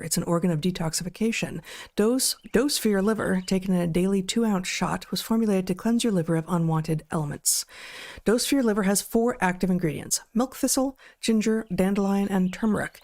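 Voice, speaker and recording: A woman co-hosting a podcast, talking casually with a dry, wry manner that is a bit halting at times, and reading sponsor ads. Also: mid-range voice, darkish tone. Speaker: podcast co-host. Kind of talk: casual chat and read ad.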